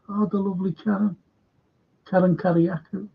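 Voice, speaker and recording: A man's voice: on the high side, moderate pace, vocal fry, slightly rough. An older man hosts a live fan stream, reading viewers' comments aloud and answering them chattily. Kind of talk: casual live-chat reading. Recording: dull lo-fi stream audio.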